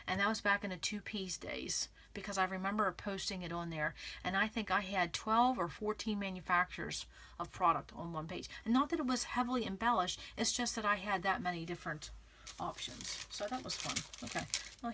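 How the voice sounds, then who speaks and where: A craft vlogger with a bright, forceful, mid-range voice walks viewers through a scrapbooking tutorial. She chats casually and thinks aloud while she works, often checking in with her audience.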